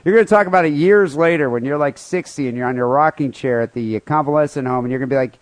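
A man's voice: mid-range voice, fast, hardly any pauses, dry recording. Dry-sounding, crude joking podcast man. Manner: crude, profane joking with mock outrage. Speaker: podcast co-host. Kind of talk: casual comedic podcast banter.

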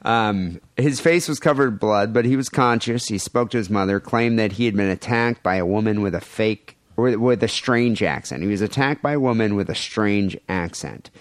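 A man on a podcast, somewhat low-pitched, talking loosely and crudely while he works through a news story. His voice is recorded very dry and close to the mic. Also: normal speed, no room sound. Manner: storytelling, reading a news item with joking asides. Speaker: podcast co-host. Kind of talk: casual crude podcast banter.

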